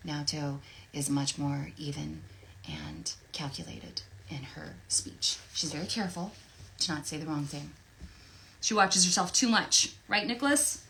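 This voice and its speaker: A woman's voice: deep voice, animated, measured pace, gravelly, a bit bright, a little hiss or hum, rough recording. A woman from Tennessee, a voice actress chatting playfully from home while she signs autographs during a live stream. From Tennessee, USA. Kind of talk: casual livestream chat. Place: home, near her recording booth. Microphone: desk microphone.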